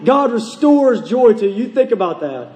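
A male pastor preaching a sermon earnestly, slowing and dropping low on key phrases. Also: very animated, dark tone, long reverb tail.

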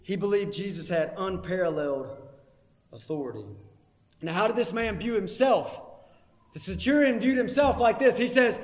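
A man preaches with emphasis, driving his points home by repeating them. His voice sits very high for a man. It rings out with a long reverb, as in a large hall. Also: a little fast, darkish tone. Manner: emphatic, repeats key phrases. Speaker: pastor. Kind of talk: sermon.

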